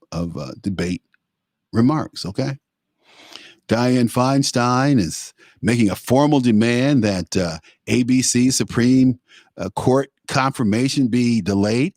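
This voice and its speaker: A man's voice: on the low side, darkish tone, no room sound, studio quality. A man hosting a live talk show, delivering an opinionated, rambling monologue full of fillers and restarts.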